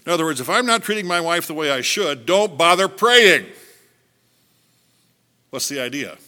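A man's voice: a little high, quick pace. An older man, a pastor, preaching a sermon and telling stories, acting out the quoted lines. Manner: animated storytelling, acts out quotes.

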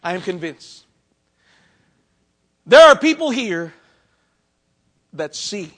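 A man preaching a sermon, swinging between loud outbursts and hushed, intimate asides. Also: sits high, big pitch swings, slow pace. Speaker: pastor.

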